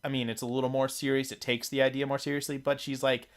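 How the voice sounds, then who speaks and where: A man co-hosting a relaxed talk show, his voice sitting at an ordinary middle pitch. He rambles, circling back with fillers and restarts as he thinks aloud. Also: quick pace. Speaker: podcast co-host. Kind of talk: casual chat about video games.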